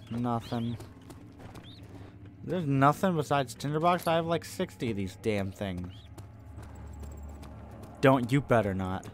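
Young guy freaking out on a horror game, voice jumps all over, slow and drawn out. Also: fairly low pitch. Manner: jumpy, swears, pleads and jokes at the game. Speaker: gaming channel host. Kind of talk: horror game let's play commentary.

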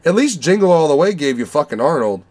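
A young man from the Chicago area, hosting a casual movie podcast and talking in a profane, rambling, animated way. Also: fairly high pitch, fast talker. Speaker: podcast host reviewing movies. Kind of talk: casual chat.

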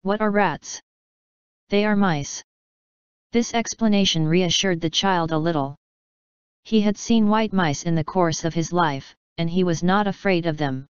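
A woman narrating a classic novel as an audiobook in a measured storytelling manner. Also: fairly low pitch, smooth, no room sound. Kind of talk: scripted narration. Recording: slightly dull, dry recording.

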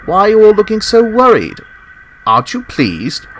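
A man voicing a cheerful, famous male steam engine, talking in a bright, chirpy, friendly way. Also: high-pitched, huge pitch swings, moderate pace, slight background noise, voice pushed up, heavily acted, poor audio. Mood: excited.

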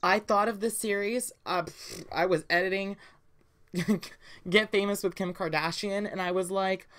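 A woman's voice: medium pitch, steady tone, normal speed, fairly bright tone. Chatty woman gaming host. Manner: chatty, many fillers, giggly. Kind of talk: casual let's play commentary.

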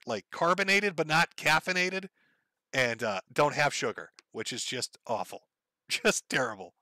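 Sardonic man reading chat, bright voice. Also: on the high side, dry recording. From Minnesota. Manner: sardonic, profane, reads messages aloud in a flat wry tone. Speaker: livestream host reading viewer donations. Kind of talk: casual livestream chat.

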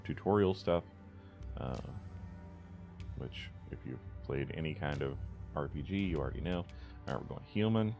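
Let's play host, male: rumbling bass, gravelly, laid-back and jokey, hesitant fillers. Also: normal speed, pauses often, music in the background. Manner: relaxed, joking, lots of ums and uhs. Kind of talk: casual gameplay commentary.

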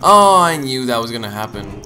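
A young man giving casual gaming commentary, joking, swearing and punning, with sudden loud outbursts. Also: medium pitch, big pitch swings, brisk. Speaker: let's play gamer. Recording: game music behind the voice. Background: game music.

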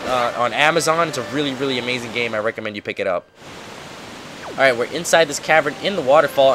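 A man casually commenting on a video game as host, joking and swearing freely, over game music. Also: medium pitch. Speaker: let's play host.

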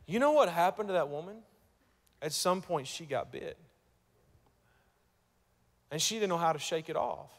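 A man preaching a sermon as pastor, telling a story and repeating words as he starts, moving between hushed and loud passages. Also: fairly high pitch, lively intonation, brisk, long pauses, in a large hall. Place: church sanctuary.

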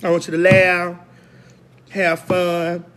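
A woman's voice: on the low side, little pitch movement, takes it slowly, a bit bright. A woman hosting her own online show in a brash, profane, unscripted rant to viewers, hammering single words over and over.

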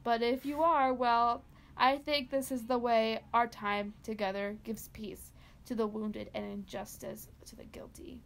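A woman co-hosting a podcast, reading a horror story aloud in a dramatic way and laughing between lines. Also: a little high. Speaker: podcast co-host.

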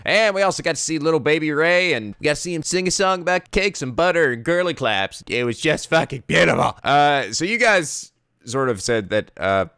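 A man's voice: fairly high pitch, expressive, brisk, fairly bright tone, smooth, no echo, studio quality. A man hosting a let's play, chatting casually over a game in a rambling, profane way. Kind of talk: casual gameplay commentary.

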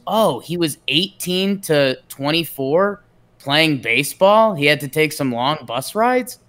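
A man's voice: on the high side, lively intonation, unhurried, fairly bright tone. A man co-hosting a casual baseball podcast, with wry, sarcastic banter. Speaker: podcast co-host. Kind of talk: casual sports chat.

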